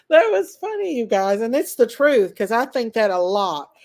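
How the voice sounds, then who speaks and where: A woman's voice: fairly high pitch, big pitch swings, unhurried, darkish tone. A woman hosting a live stream, chatting casually, giggling often and reading out viewer comments.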